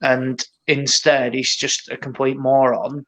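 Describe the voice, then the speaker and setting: A man's voice: mid-range voice, little pitch movement, slow, a bit bright. A man hosting a casual boxing podcast, blunt and sweary as he runs through nominations. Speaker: podcast host.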